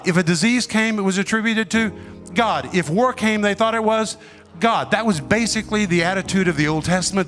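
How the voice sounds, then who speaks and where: Guy preaching a sermon, dramatic pauses, goes loud then soft, bit of a high voice.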